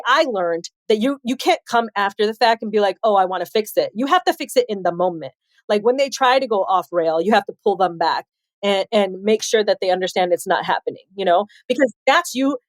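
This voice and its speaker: A woman in her forties from Chicago, telling her life story as a podcast guest, animated and laughing often as she acts out quotes. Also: medium pitch, a little fast, no room sound, clean studio sound. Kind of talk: candid storytelling interview.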